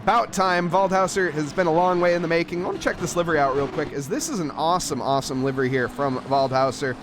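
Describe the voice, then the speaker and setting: A man's voice: on the high side, quick pace, background noise. American man on joking race commentary. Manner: joking, playfully mispronounces car names. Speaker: sim racing commentator. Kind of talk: casual live race commentary.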